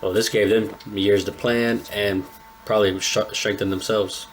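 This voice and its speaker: A young man hosts an anime reaction channel, chatting casually in laid-back slang. His voice is fairly low and flat, at a moderate pace, and his nose sounds a little stuffy.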